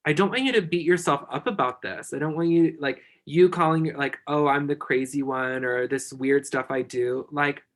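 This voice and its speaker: A man's voice: fairly high pitch, expressive, normal speed, hardly any pauses. A man guest on a podcast, chatting casually and giving emphatic, effusive encouragement. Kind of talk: casual chat.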